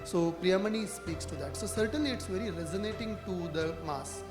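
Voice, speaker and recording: A man with an Indian English accent talks on a conference panel, his voice notably high. He speaks conversationally, tossing in "right?" and "you know". The sound is roomy, with a long hall reverb and clear music in the background. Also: fairly quick. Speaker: panelist, brand marketer.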